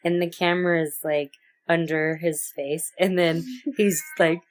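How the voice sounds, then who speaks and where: A woman's voice: lowish voice, level tone, unhurried. A woman co-hosting a podcast, casually recapping a movie scene by scene, laughing often and acting out the lines. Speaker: podcast co-host.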